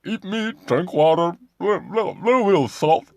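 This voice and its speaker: A man doing a mocking impression of an upbeat male diet guru, loud, high and sing-song. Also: animated, normal speed, dry recording.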